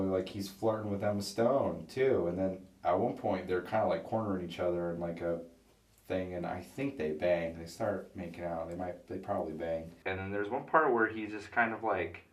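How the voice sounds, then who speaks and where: Drunk man rambling, low-pitched. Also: bright, forceful tone, distant mic. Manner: rambling, halting, heavy on fillers. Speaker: comic film recapper. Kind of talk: rambling casual retelling.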